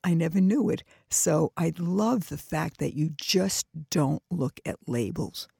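Older new york lady, super gravelly and husky, tells stories with lots of laughs, dry close sound. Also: low-pitched, a little slow, no echo. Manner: animated storyteller, laughs often, restarts. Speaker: guest, educator and author. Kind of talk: radio talk show conversation.

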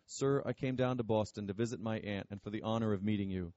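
A man reading as an earnest young farmer, polite and determined. His low voice sounds warm and mellow. The recording is dry with no room sound. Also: fast, no room sound, highs cut off, close to an everyday voice.

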